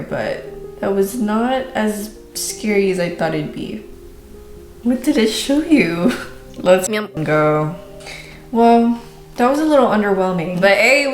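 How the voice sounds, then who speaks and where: A woman reacting to a book as she reads it, emotional and exclaiming, using casual slang and laughing often. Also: mid-range voice. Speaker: book vlogger. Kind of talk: reading reaction vlog. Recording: roomy echo.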